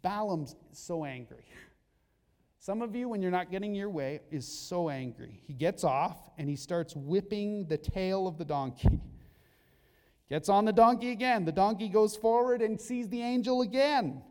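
A male pastor giving a sermon, telling a Bible story in an animated way with jokey asides. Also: high voice, moderate pace. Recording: long hall reverb.

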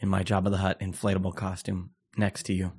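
A man co-hosting a casual chat podcast, eager and rambling, with lots of fillers and quick laughs. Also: low voice, completely flat delivery, a little mellow, husky. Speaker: podcast co-host and pastor.

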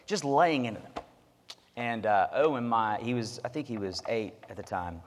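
A man's voice: mid-range voice, a little slow, big-room sound. A man in his thirties preaching a sermon as pastor, earnest and conversational, with asides to the congregation.

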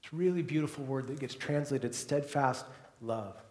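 A man preaching a sermon as pastor, moving between soft, hushed passages and loud, emphatic ones. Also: medium pitch, normal speed, reverberant.

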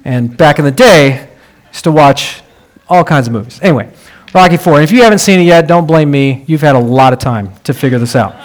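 A man's voice: a little high, expressive, a little fast. A man preaching a sermon, telling stories in a conversational way and building to emphatic swells.

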